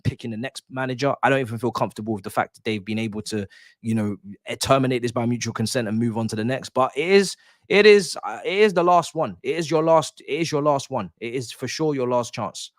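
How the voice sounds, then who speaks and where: A man's voice: mid-range voice, no room sound, studio quality. A young man hosting a livestream, ranting in exasperation about his football club, swearing often and repeating himself as he makes his point. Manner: repeats and restarts phrases. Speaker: livestream host. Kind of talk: casual livestream commentary.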